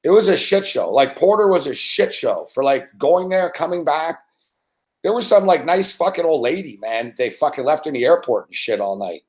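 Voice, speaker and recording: A man hosting a sports betting show rambles through a casual, profanity-laced story packed with fillers. His voice is a little high and sing-song at a moderate pace, and the recording has a roomy echo.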